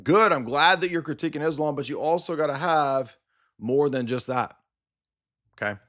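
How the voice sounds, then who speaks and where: A man's voice: a little high, normal speed, fairly bright tone. A man hosting a livestream, ranting in a combative, sarcastic commentary style. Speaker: livestream host.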